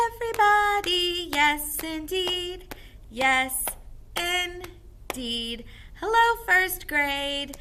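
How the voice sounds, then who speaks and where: A woman music teacher leading an online music lesson for young children, with an animated sing-song manner. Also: on the low side, a little hiss or hum. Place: indoor classroom.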